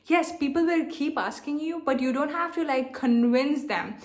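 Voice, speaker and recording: A woman's voice: high voice, lively intonation, normal speed, few pauses, a bit bright. A woman giving an earnest motivational talk as a self-love coach, repeating rhetorical questions as she speaks.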